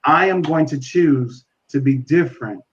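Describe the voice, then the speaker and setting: Earnest man, slightly high voice. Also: unhurried, highs cut off. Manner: earnest, repeats phrases for emphasis, acts out dialogue. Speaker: guest. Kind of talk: reflective podcast conversation.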